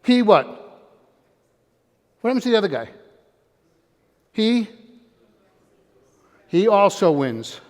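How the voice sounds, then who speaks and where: An older man with a fairly high voice delivers a lively motivational talk, firing questions at his audience and urging them to join in. His voice rings with a long hall reverb, as if in a large room. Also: slow pace, pauses often. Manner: energetic, quizzes and calls out to the audience. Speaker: motivational speaker.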